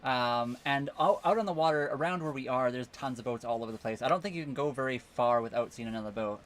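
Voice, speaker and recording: A man's voice: mid-range voice, fast talker, a bit bright. A man from Canada co-hosting a casual live stream from a small sailboat docked in a marina, chatting easily and thanking viewers by name. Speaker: livestream co-host. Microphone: phone camera.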